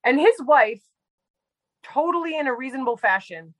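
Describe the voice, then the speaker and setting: A woman's voice: sits high, animated, normal speed, a bit bright, dry recording, rough recording. A woman guest telling a personal story in casual conversation, chatty and full of "like" and fillers. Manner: chatty, heavy use of "like" and fillers. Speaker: podcast guest; medical provider.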